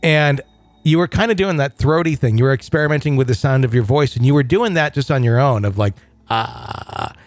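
A man's voice: mid-range voice, quick pace, dry recording. Chatty middle-aged male podcast host. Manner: chatty, rambling storyteller. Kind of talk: casual podcast chat.

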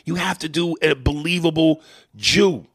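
A man co-hosting a casual chat, talking animatedly and profanely and slipping into quick impressions. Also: a little high, breathy edge, no echo, clean studio sound. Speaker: podcast co-host. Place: hotel room.

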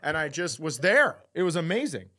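A man co-hosting a podcast who tells his stories with loose, profane energy. His voice sits a touch higher than most men's. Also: a little fast. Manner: profane, animated storytelling. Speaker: podcast co-host. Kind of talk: casual chat.

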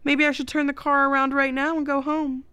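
A woman's voice: high-pitched, little pitch movement, a little fast, dry recording, voice pushed up. A woman doing a mischievous, teasing mom. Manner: gently teasing. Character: warm, mischievous middle-aged mother.

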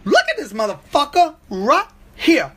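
A man's voice: very high voice, huge pitch swings, unhurried, fairly bright tone, pitched above the performer's own voice, heavily acted. A man voicing his female puppy as a brash, streetwise dog talking in tough street slang. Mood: incredulous.

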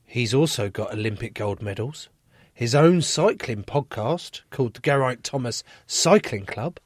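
A man's voice: mid-range voice, expressive, unhurried, no echo, studio quality. A man from England hosting a podcast, joking around in casual chat and swearing freely. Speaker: podcast host.

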